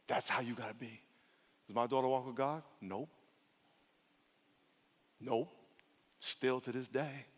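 A man preaching a sermon as pastor, animated and acting out voices in his stories. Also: medium pitch, measured pace, pauses often, in a large hall.

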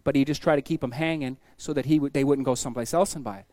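A man preaching in a folksy, conversational way, swinging into loud, lively voices for the people in his stories. His voice sits at an ordinary middle pitch. The sound is dry and close, with no room echo. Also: quick pace. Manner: storytelling, acts out quoted voices with sudden loud bursts. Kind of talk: sermon.

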